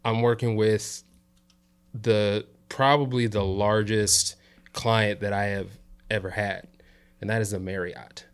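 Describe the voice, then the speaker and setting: Low-voiced man telling a story casually. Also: steady tone, slow, clean tone. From South Side of Chicago. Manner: laid-back storyteller with frequent "you know" and "right?". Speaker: interview guest, videographer and coach.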